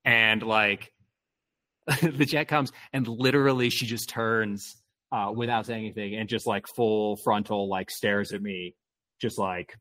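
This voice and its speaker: A man's voice: fairly low pitch, fairly even intonation, a little slow, bright, forceful tone. A man telling a casual story, rambling with lots of fillers and swearing freely. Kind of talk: casual chat.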